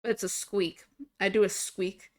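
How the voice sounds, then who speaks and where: A woman's voice: mid-range voice, flat delivery, moderate pace, darkish tone. A young adult woman livestreamer in casual, giggly chat at a desktop mic. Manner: chatty, giggly, self-amused.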